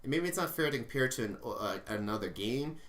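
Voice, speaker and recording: A man's voice: mid-range voice, expressive, fast talker, fairly bright tone. A young man co-hosting a casual gaming podcast, ranting with lots of swearing and filler words. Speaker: podcast co-host.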